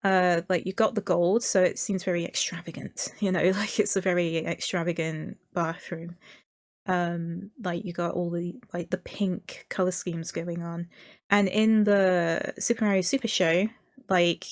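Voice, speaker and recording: A woman's voice: lowish voice, fairly even intonation, measured pace, dry recording, studio quality. A woman streamer chatting casually and enthusiastically about a movie trailer, with many fillers and little laughs. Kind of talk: casual commentary.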